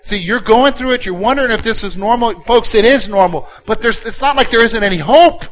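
A male pastor delivering a sermon, dropping to a quiet intimate tone and then rising loud and emphatic. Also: very high voice, brisk, poor audio. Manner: dynamic preaching, swinging from hushed to loud and emphatic.

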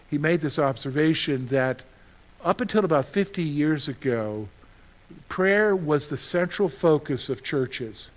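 Animated high-voiced male pastor preaching. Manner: animated, asks the congregation questions and answers them; acts out his own panicked reactions for humor. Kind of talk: sermon.

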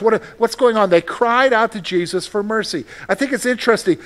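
A male pastor preaching a sermon, animated, with frequent rhetorical questions to his listeners. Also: sits high, fairly quick.

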